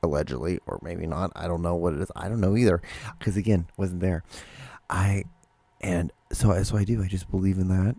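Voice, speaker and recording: A man's voice: sits low, fairly even intonation, brisk, dark tone. A man hosting his own solo podcast, rambling casually with many restarts and the odd curse word. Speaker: podcast host.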